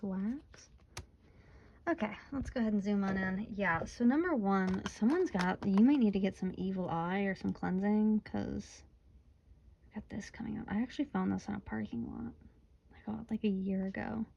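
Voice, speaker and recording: A woman's voice: medium pitch, moderate pace, creaky, warm tone, dull audio. Chatty young woman reading tarot. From Michigan, USA. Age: 20s. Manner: chatty, giggly, often breaks into laughter. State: sleepy, yawning. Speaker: tarot reader.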